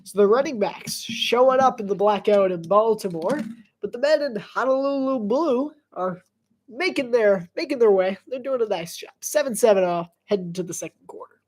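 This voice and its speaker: A woman's voice: a little high, normal speed, darkish tone. A congested woman giving casual live game commentary, chatty and rambling, laughing often. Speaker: sports commentator.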